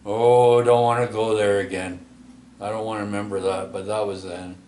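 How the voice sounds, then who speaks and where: Rambling man, low voice. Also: level tone, darkish tone, reverberant, slight background noise. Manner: rambling, halting, many restarts and tag questions. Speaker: vlogger telling a personal story. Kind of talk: rambling storytelling monologue.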